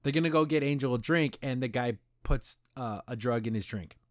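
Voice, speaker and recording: A man's voice: mid-range voice, a little fast, no echo, studio quality. Man hosting a casual review podcast. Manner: animated, retells scenes and paraphrases characters. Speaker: podcast host.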